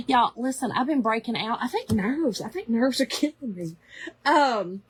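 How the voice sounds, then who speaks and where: A woman hosts a casual craft livestream with a slightly husky, higher-pitched voice. She rambles cheerfully, greets viewers one by one, and jokes about her own habit of overthinking. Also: normal speed, a bit bright. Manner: chatty and rambling, greets viewers by name, self-deprecating.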